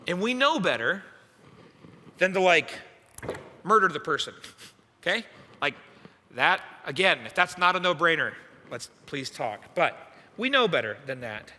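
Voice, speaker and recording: A young adult man, a youth pastor, preaching a sermon as an animated, self-mocking storyteller. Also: a little high, unhurried, pauses often, long reverb tail. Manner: animated, self-mocking storyteller acting out his own past lines. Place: church hall.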